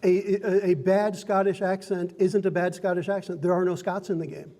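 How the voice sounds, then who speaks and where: A man with a fairly high voice leads a tabletop game as dungeon master. He explains the rules to newcomers in a friendly, teaching tone and laughs easily. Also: little pitch movement, moderate pace, big-room sound, background noise. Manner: friendly, instructive, laughs often. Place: card and game store.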